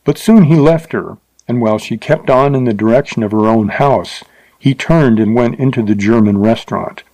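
A man reading a Western novel aloud as an audiobook narrator, in steady, measured storytelling. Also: medium pitch, no echo, low-quality recording.

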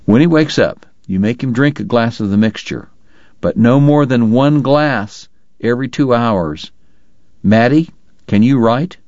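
A man's voice: medium pitch, a little slow, darkish tone, dry recording, lo-fi sound, natural voice. A man voicing a curt, authoritative frontier doctor who snaps orders and explains matter-of-factly. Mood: instructive.

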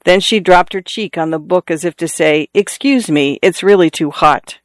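Guy reading a story out loud, kinda high voice, measured and calm. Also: no echo, studio quality. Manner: measured storytelling, lifts pitch for quoted calls. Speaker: audiobook narrator. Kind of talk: scripted narration.

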